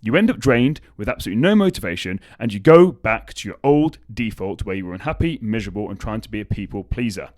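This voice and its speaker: Young male podcast host, lively pitch, casual and profane motivational talk. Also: fast talker, few pauses, dry recording. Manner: swears freely, animated storytelling with acted quotes.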